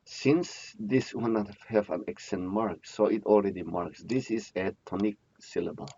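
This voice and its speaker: A little slow and lowish in pitch, this man's mellow, husky voice carries a grammar lesson to a classroom. He returns to key terms again and again and answers the questions he asks. The recording comes across muffled, dull and lo-fi.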